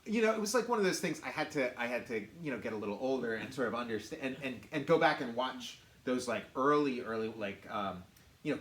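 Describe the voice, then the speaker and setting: A man's voice: mid-range voice, fairly bright tone. A middle-aged man co-hosting a podcast, chatting casually in a rambling way with many fillers and restarts. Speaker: podcast co-host. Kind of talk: casual chat. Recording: roomy with faint noise.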